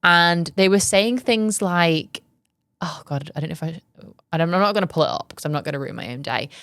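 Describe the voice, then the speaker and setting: A woman's voice: fairly low pitch, a little fast, fairly bright tone, no room sound. A young woman hosting a podcast, giving candid business advice in a chatty way, full of ums and likes. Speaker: podcast host. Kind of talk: casual advice chat.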